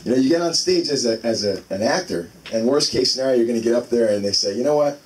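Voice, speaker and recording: A man in his thirties works a small live comedy room, spinning casual, self-deprecating stories about his kids. His voice sits at an ordinary middle pitch. The mic is some way off, and a steady wash of room noise runs underneath him. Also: fast talker. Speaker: stand-up comic. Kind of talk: stand-up comedy set. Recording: distant mic in a noisy room.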